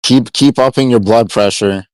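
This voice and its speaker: A man's voice: medium pitch, normal speed, darkish tone, no room sound. A man in an online voice-chat argument, answering curtly and dismissively and defending himself.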